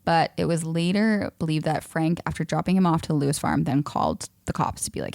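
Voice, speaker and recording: A woman's voice: low voice, fairly even intonation, a little fast, vocal fry, few pauses, a little mellow, no echo, studio quality. A woman co-hosting a podcast, telling a story in a casual, playful way with frequent laughs. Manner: laughs often, playful asides. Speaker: podcast co-host.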